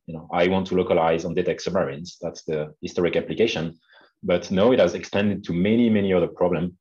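A man's voice: sits low, a little mellow. A man with a French accent, a non-native English speaker, giving a seminar talk with many hesitant fillers over a video call. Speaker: guest speaker. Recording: dull lo-fi video call audio.

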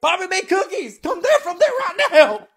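A performer voicing an excitable, fussy puppet who yells and shrieks in a comedy fan dub. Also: moderate pace, full character voice. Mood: fussing. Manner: shrill, frantic yelling.

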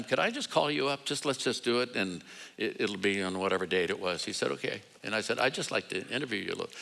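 A man's voice: mid-range voice, gravelly, fairly bright tone, poor audio. An older man delivering a sermon, telling stories in a conversational way and acting out the voices in quoted dialogue. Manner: conversational, acts out voices in quoted dialogue, self-deprecating humor. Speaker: guest preacher. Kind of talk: sermon with storytelling.

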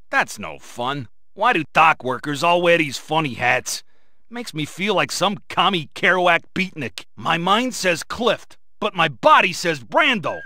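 An actor voicing a brash dock worker in a video game, who grumbles in a rough working-class way. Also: male voice, a little high, pushed and bright, no room sound, clean studio sound, heavily acted. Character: brash male dock worker, would-be communist intellectual.

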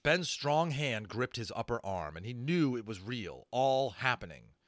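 A man narrating a fantasy novel aloud, expressive, adding brief asides to listeners. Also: medium pitch, a little slow, no room sound, clean studio sound. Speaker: audiobook narrator. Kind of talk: dramatic storybook reading.

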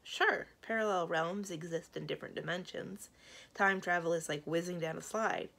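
A woman's voice: fairly low pitch, moderate pace, gravelly, fairly bright tone. A woman voicing a stern, capable older woman in a storybook, speaking bluntly and matter-of-factly.

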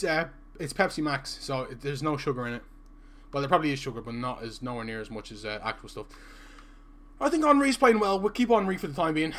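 A man's voice: mid-range voice, fairly bright tone, a little hiss or hum. A young man, chatting and joking casually through a live gaming stream while he reads out viewer messages.

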